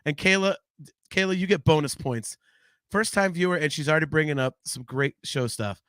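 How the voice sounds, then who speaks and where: A man with a bright, forceful voice pitched a bit high, hosting a casual podcast. He talks in an animated, rambling way and swears freely. The sound is dry and close to the mic. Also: moderate pace, smooth, no room sound. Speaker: podcast host.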